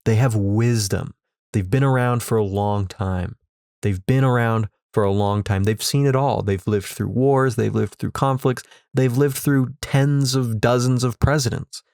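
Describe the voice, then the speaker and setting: A man's voice: mid-range voice, a little slow, gravelly, a little mellow, dry recording, studio quality. A man hosting a podcast, delivering a sarcastic comedic rant into a microphone, repeating himself and swearing. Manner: ranting, repetitive, sarcastic, swears. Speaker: podcast host. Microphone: studio microphone.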